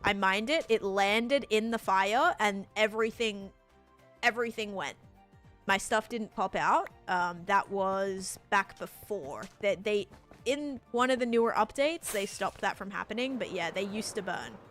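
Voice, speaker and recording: A woman's voice: mid-range voice, a little slow, a bit bright, faint music behind. A young woman live-streaming a game, chatting casually with viewers in a rambling way with lots of fillers. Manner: patiently over-explaining to chat. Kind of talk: casual live gameplay chat, answering viewers.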